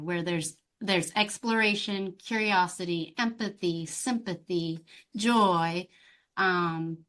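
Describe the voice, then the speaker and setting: A middle-aged woman speaking as a coach guest in a relaxed interview. She tells her story with animated, expressive energy, and her voice sits at an ordinary pitch. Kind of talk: conversational interview.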